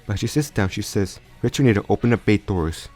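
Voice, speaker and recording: A man with a lowish, slightly mellow voice talks fast, improvising a fan crossover story aloud in a casual way. He often stumbles and restarts his sentences as faint music plays in the background.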